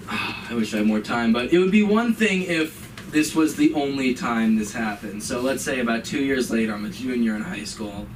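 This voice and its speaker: A man's voice: normal speed, hardly any pauses, a little hiss or hum. Young man telling a stand-up story. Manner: storytelling, acts out his mother in a higher voice. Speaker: stand-up comedian. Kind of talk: stand-up comedy set. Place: comedy club stage. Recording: live open mic, room mic from a distance.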